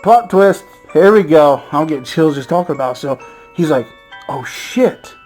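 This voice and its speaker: Male reviewer with a slightly high voice, loose rambling recap full of "like" and "you know," faint music underneath. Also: brisk. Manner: rambling, excitable, heavy on fillers and swearing. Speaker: movie reviewer. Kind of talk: casual plot recap.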